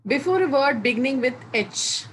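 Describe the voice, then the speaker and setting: A woman teaching English grammar, explaining each rule slowly and repeating the example words one by one with pauses between phrases. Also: high-pitched, lively intonation, a bit bright, low-quality recording. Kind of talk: slow, deliberate classroom explanation. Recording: faint background noise.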